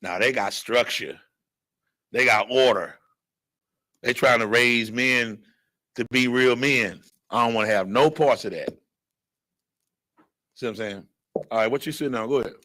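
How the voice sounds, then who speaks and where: A man teaching a blunt, animated Bible lesson who acts out other people's voices as he goes. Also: mid-range voice, measured pace, pauses often. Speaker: scripture teacher. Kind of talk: fiery street-style Bible lesson.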